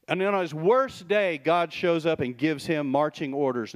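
A middle-aged man giving a sermon as pastor, talking conversationally with quick asides and rhetorical questions. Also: on the high side.

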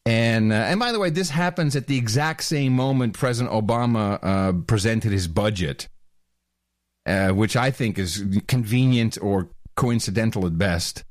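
A man's voice: lowish voice, moderate pace, dry recording, studio quality. A male talk show host giving casual, mocking commentary, laughing and tossing off sarcastic asides.

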